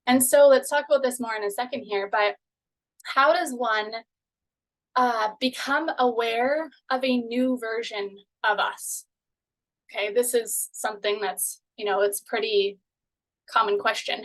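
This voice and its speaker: A woman's voice: fairly high pitch, poor audio. A woman leading a live online manifestation workshop, talking in a chatty, encouraging way full of "you know" and "okay". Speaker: manifestation coach.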